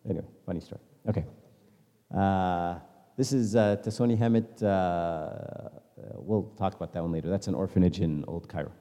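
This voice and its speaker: A man's voice: low voice, normal speed, warm tone. Chatty man in an echoing hall. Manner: chatty storytelling with quoted dialogue. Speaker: church speaker. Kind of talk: informal slideshow talk. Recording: long hall reverb.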